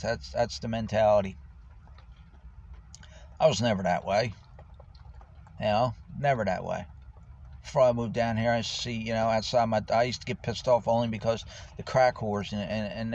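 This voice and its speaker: Speaking to the camera about his life, a homeless vlogger rambles in a loose, profane way. His voice is lowish and darkish, captured in dull lo-fi audio with faint noise.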